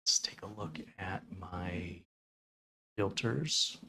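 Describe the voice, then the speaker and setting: A man's voice: low voice, slow, pushed and bright, husky. A man hosting a casual tech livestream, chatting with viewers and reading out their comments in a rambling, think-aloud way.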